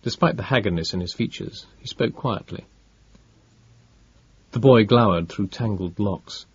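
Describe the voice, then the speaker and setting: A man reading an audiobook in a measured, dramatic narration. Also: fairly low pitch, breathy edge, highs cut off.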